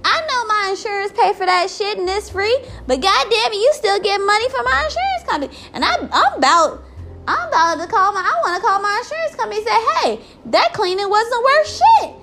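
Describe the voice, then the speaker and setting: A woman's voice: very high voice, big pitch swings, fast talker, noisy background. A woman ranting in a casual vlog, exasperated and full of swearing.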